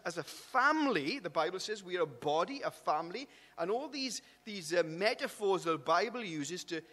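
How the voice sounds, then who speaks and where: A man's voice: sits high, a bit bright, in a large hall. A man preaching a sermon in a conversational way, restarting words and asking "isn't it?". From Wales. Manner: conversational, repeats and restarts words, asks tag questions. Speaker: pastor. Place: church hall.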